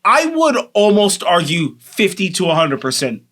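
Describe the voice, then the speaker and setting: A man's voice: sits high, wildly swooping pitch, moderate pace, fairly bright tone. A man co-hosting a casual podcast chat, rambling and joking with frequent swearing. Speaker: podcast co-host.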